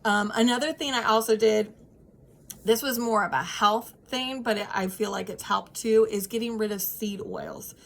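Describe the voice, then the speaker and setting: A woman's voice: mid-range voice, normal speed, a bit bright. A woman in her thirties talking casually to her viewers, earnest and heartfelt, with frequent ums and restarts. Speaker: vlogger sharing personal experience. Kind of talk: casual advice chat to camera.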